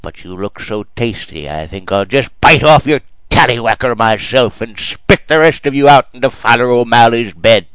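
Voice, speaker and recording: A man's voice: medium pitch, lively intonation, moderate pace, few pauses, fairly bright tone, clean tone, no room sound, close to an everyday voice, poor audio. A man playing a menacing male saint who threatens to eat children, bellowing in an ominous voice.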